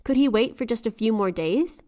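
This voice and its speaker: A woman co-hosting a folklore podcast, chatting casually and retelling tales with animated quoted asides. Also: fairly high pitch, normal speed. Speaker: podcast co-host. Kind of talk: casual storytelling chat.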